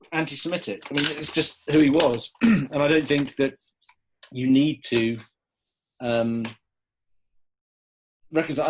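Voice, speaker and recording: A man's voice: medium pitch, a little hiss or hum. A man answering history questions as a podcast guest, chatty and enthusiastic with loose restarts. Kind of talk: casual podcast Q&A.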